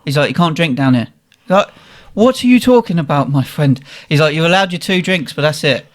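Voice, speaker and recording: A young man, animated and swearing as he tells a funny story in casual chat. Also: fairly high pitch, a little fast. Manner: animated, swearing, laughing at his own story. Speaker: guest telling a story.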